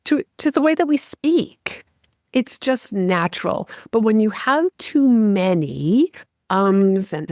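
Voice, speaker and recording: A woman hosts her own podcast as a speaking coach, talking straight to the listener in a direct, conversational tone. Her voice sits low, close on the microphone. The sound is dry, with no room echo. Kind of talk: solo podcast advice talk.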